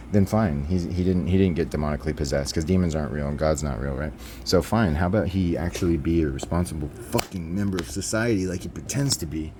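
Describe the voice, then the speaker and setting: A man's voice: a bass voice, warm tone, slight background noise. A young man ranting in a rambling, profane, exasperated way as host of his own motorcycle vlog. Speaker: motovlog host.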